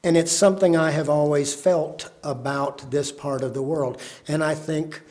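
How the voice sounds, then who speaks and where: A man from spins a humorous story to a live audience. His voice sits a little high, and his delivery is dramatic and dry. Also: fairly even intonation, moderate pace, darkish tone. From Texas. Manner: folksy, dramatic, wry.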